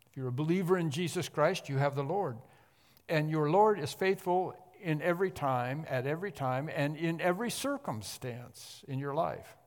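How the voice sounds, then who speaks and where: A man preaching a sermon in an earnest, emphatic way, with a fairly high voice for a man. His voice rings out with a long reverb, as in a church hall. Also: a little mellow. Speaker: pastor.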